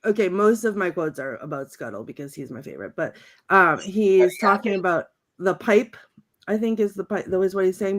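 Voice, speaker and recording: Woman podcast co-host, medium pitch, chatty and giggly, casual. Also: moderate pace. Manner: chatty and giggly, many fillers. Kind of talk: casual chat, reading favorite movie quotes.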